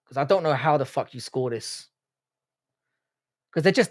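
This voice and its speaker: A man's voice: medium pitch, expressive, normal speed, long pauses. An Irish man hosting a live fight watch-along stream, reacting casually and profanely and reading out chat messages. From Ireland. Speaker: livestream host.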